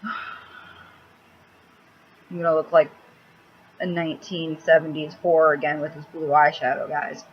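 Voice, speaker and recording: A blunt, cranky woman with a low voice who swears freely as she rambles through a casual makeup vlog. She talks into a laptop mic at home. The audio is a little dull, with a faint hiss. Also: level tone, measured pace, long pauses. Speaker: makeup vlogger.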